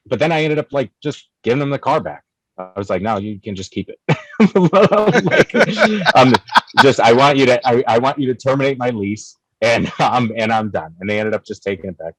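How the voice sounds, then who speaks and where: A young man telling a story in casual chat, animated and profane, acting out both sides of an argument. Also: fairly low pitch, fast, no room sound, poor audio. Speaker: guest, cigar company figure.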